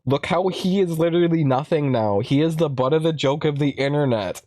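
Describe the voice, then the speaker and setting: A man's voice: a little high, fairly quick, darkish tone, no room sound. A man hosting a casual stream, talking bluntly and defiantly in a rambling way at a close desk mic. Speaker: streamer host. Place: home streaming setup.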